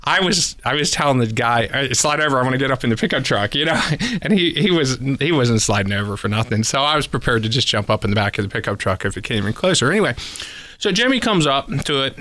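A man's voice: medium pitch, lively intonation, a little fast, bright, forceful tone, no room sound. Rambling man telling a story on radio. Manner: rambling, chuckling, many fillers. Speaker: pest control technician, radio guest. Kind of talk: casual radio interview storytelling.

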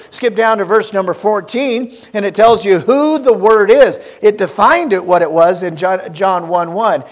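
High-voiced man preaching a Sunday sermon. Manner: preaching with rising emphasis and rhetorical questions; reads scripture in slow, stressed phrases. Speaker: pastor.

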